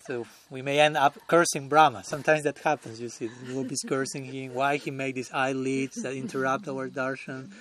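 A man's voice: medium pitch, level tone, moderate pace, hardly any pauses, a crowd in the background. A man giving a devotional lecture at a temple as a swami, chuckling often and talking conversationally while searching for words.

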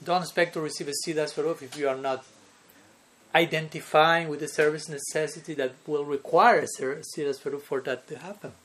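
A man's voice: on the high side, fairly even intonation, fairly quick, fairly bright tone, slight background noise. A man teaching a devotional lecture, who often chuckles and keeps asking his listeners "no?" and "okay?". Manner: chuckles often between points. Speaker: spiritual teacher.

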